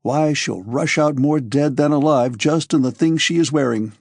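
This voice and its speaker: A man's voice: fairly high pitch, no room sound, studio quality. A man doing a bold, commanding officer. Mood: scheming. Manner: brisk, commanding, shouts orders. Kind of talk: audiobook character voice.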